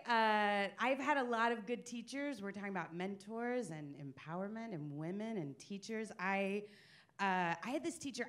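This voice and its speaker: A woman comedian in her forties telling self-deprecating stories on stage, acting out the quotes. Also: medium pitch. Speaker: stand-up comedian. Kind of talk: stand-up comedy storytelling. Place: comedy stage before a live audience. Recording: live audience laughter behind.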